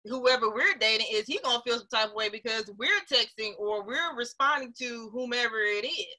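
Bright woman co-host, fairly high, playful and challenging. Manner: playful, quick to question and push back. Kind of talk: casual group chat.

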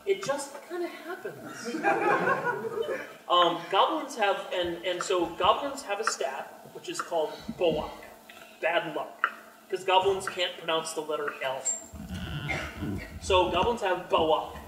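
A man's voice: high voice, slow pace, pauses often, background noise. A man, a game designer, telling stories and joking with a live audience at a fan convention. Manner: storytelling, joking, expressive. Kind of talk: animated talk to a live audience. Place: convention hall indoors. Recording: roomy hall, mic at a distance.

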